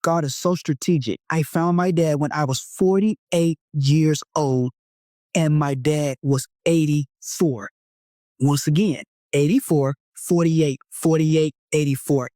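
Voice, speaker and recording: A man's voice: a little high, steady tone, slow, mellow, no room sound, studio quality. A man in his fifties giving a personal faith testimony as an interview guest, speaking with an emphatic, preaching rhythm and repeated phrases.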